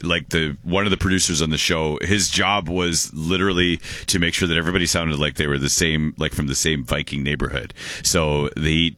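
A man's voice: a bass voice, bright, forceful tone, no echo. A man hosting a call-in radio show, rambling playfully and laughing often. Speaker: radio host. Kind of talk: casual call-in radio chat.

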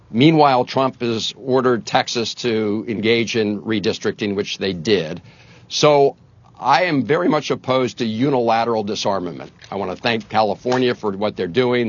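A senator gives a live TV news interview in a fairly low, emphatic voice. He uses plenty of fillers and drives his points home with growing force. The broadcast audio sounds dull and lo-fi. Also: husky. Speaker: senator guest.

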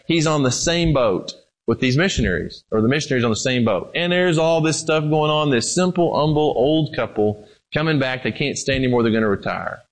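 A man preaching a sermon, telling a story and then pressing his listeners with emphatic questions. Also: on the high side.

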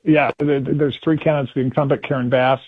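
A man talking casually about politics on a radio show, animated, often acting out quotes in put-on voices. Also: medium pitch, a little fast, slightly rough, dry recording. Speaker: political commentator guest. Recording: phone-line call-in audio.

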